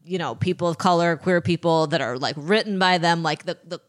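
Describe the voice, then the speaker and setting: A woman's voice: on the low side, brisk. A woman co-hosting a podcast over a remote call, speaking thoughtfully and hesitantly, often restarting her sentences. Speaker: podcast co-host. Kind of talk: casual chat.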